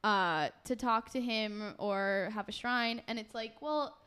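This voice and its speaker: A woman co-hosting a podcast, chatting casually with many "like"s and gently reassuring the listener. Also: on the high side, slow, clear, resonant tone. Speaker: podcast co-host. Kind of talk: casual chat.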